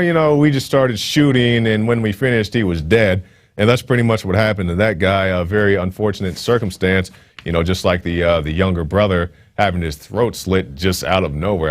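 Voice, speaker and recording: A man hosting a show, reading news stories aloud and commenting on them in a casual, conversational way. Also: fairly low pitch. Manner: casual, conversational, with frequent fillers. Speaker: host.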